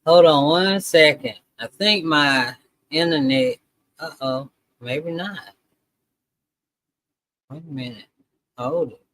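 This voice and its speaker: Slow-talking man chatting to his stream. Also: fairly high pitch, fairly bright tone. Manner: chatty, talks to viewers as "y'all". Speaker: streamer reacting to a video. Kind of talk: casual live-stream chat.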